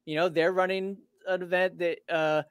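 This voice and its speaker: A man hosting a casual interview, talking haltingly with frequent laughs and restarts. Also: high-pitched, flat delivery, crowd noise. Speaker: host.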